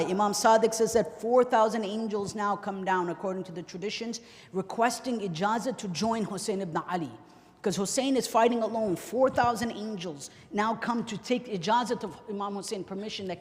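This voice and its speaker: High-voiced impassioned male preacher in a reverberant hall. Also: fairly quick. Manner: impassioned, swinging between loud and hushed delivery. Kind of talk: Muharram mourning sermon. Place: prayer hall.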